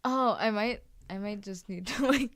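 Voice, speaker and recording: A woman chatting casually on a group video call as a workshop participant, relaxed and a little rambling through her computer mic. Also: mid-range voice, moderate pace.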